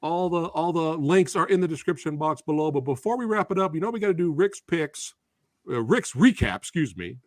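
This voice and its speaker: A man's voice: fairly high pitch, expressive, fairly quick. A man hosting a casual podcast, upbeat, laughing often and urging listeners to subscribe. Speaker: host.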